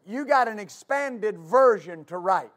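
A man's voice: high-pitched, expressive, measured pace, a bit bright. A man preaching a sermon as pastor, fervent and repetitive, stammering on restarts and calling for answers from the congregation. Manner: call-and-response with congregation.

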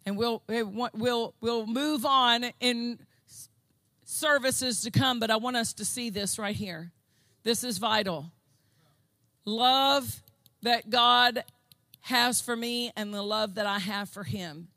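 A woman delivers a fervent church sermon in a high, bright voice. She speaks slowly and deliberately, repeating phrases and swelling into shouted declarations. The sound is dry and close. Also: no echo. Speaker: preacher. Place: church service.

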